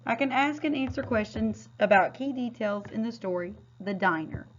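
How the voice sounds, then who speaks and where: A woman teacher giving a recorded phonics lesson, modeling words clearly and patiently. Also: on the high side, normal speed, slight background noise. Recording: dull, lo-fi sound.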